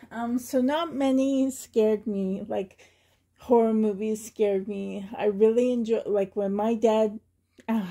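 A woman's voice: medium pitch, vocal fry, warm tone. A woman from Canada vlogging in a chatty, rambling way, often laughing and getting emotional. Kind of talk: casual chatty tag video.

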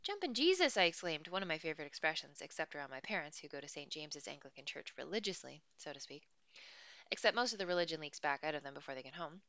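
A woman reads a novel aloud in an expressive, dry first-person style. Her voice sits low but sounds bright and smooth. It is close and dry, with no room around it. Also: quick pace, no echo. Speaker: audiobook reader.

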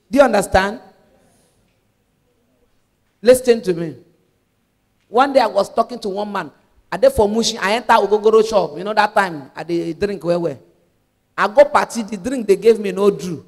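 A woman evangelist with a Nigerian accent preaching a sermon, animated and slipping into Pidgin. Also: medium pitch, big-room sound.

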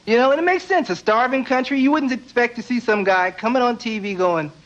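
A young man doing stand-up comedy with wry, deadpan asides, acting out the people he talks about. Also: very high-pitched, a little fast. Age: young adult. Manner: wry, deadpan asides, acts out quoted characters. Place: stage before a live audience. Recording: dull lo-fi TV broadcast, loud crowd and noise.

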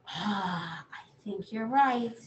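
Gentle woman storyteller, lilting and unhurried, bedtime read-aloud for kids. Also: fairly high pitch, lively intonation, dull audio. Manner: gentle, sing-song, talks to children. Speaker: children's librarian. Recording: echoey room.

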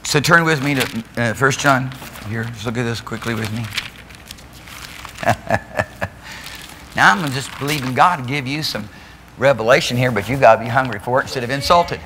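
Animated preacher in a reverberant hall. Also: male voice, medium pitch, brisk, a little hiss or hum. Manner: animated preaching, laughing, mimicking voices. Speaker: pastor. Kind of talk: sermon. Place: church sanctuary.

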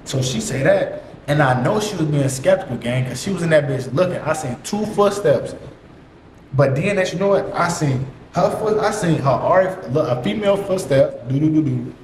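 A man's voice: fairly high pitch, lively intonation, moderate pace. A young man telling a story in a casual, slangy, profane monologue full of repeated catchphrases. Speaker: vlogger. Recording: echoey room, faint hiss.

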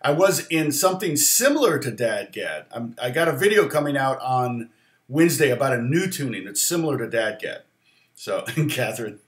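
A man's voice: medium pitch, animated, normal speed, reverberant. A middle-aged man hosting a casual livestream guitar lesson, rambling with fillers and laughs.

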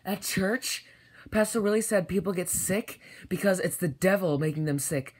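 A woman's voice: lowish voice, normal speed, a little mellow, husky. A woman voicing a worried mother bird who frets anxiously about her son. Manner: anxious, fretting.

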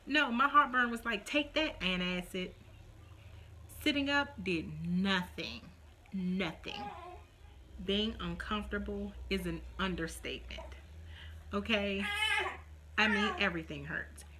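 Animated young woman chatting to camera. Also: medium pitch, measured pace, slight background noise. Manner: animated, dramatic, mock-quoting others. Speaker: vlogger. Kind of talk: casual chat to camera.

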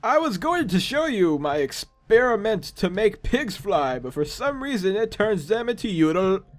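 Man putting on a high, chipper male scientist voice for a game character. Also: big pitch swings, moderate pace. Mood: welcoming. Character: eager male lab scientist.

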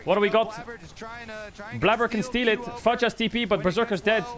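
A man streaming a match, reacting with excited commentary, swearing and laughing often. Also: high voice, fairly quick.

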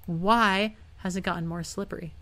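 A woman's voice: lowish voice, steady tone, moderate pace, fairly bright tone. A young woman playing a hard computer game and talking casually through it, often frustrated and swearing. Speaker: gaming YouTuber. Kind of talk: casual let's-play commentary.

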